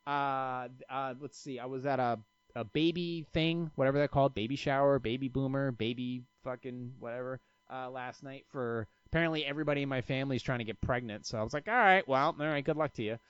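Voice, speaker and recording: A man's voice: medium pitch, fairly even intonation, brisk, smooth, no room sound. A man hosting a casual solo podcast, telling rambling stories full of profanity and restarts. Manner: rambling, profane, self-interrupting storyteller. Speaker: podcast host. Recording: dry, slightly dull lo-fi sound.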